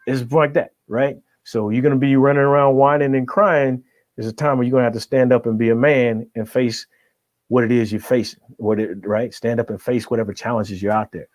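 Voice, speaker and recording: Emphatic motivational coach, dry sound. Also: male voice, medium pitch, fairly even intonation, a little fast, darkish tone, dry recording. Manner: emphatic, keeps checking in with "right?". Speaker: guest coach. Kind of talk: motivational podcast talk.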